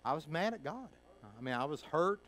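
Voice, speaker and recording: A middle-aged pastor from Kentucky preaches a sermon, folksily recounting a personal story, acting out others' voices and swinging between hushed and loud. His voice is on the high side, very animated and fairly quick, in a rough recording.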